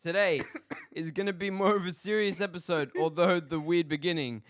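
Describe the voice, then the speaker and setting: A man's voice: sits high, steady tone, normal speed, no echo, clean studio sound. A young man hosting a casual podcast, upbeat and easygoing, talking with lots of fillers. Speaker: podcast host.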